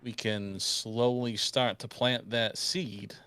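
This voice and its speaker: A man's voice: on the low side, fairly even intonation, takes it slowly, fairly bright tone, smooth, no echo. A man role-playing his character in a tabletop game, joking and crude, talking with a put-on New York accent. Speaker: player.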